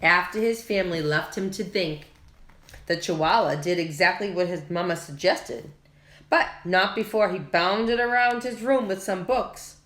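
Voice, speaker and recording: A woman reading a children's picture book aloud, slow and expressive, with lively character voices. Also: lowish voice. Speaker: children's story reader. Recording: echoey room.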